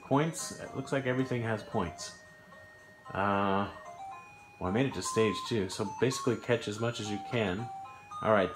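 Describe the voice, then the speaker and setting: Man, lowish voice, casual gameplay commentary, excitable, thinking aloud, roomy sound. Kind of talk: casual let's-play commentary. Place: home living room, on a sofa. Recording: echoey room with game music behind.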